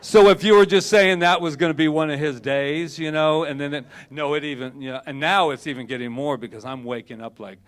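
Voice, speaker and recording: Animated male minister, slightly higher voice. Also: fairly quick, few pauses. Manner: animated, acts out quoted voices, swings loud and soft. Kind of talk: sermon. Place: church service hall.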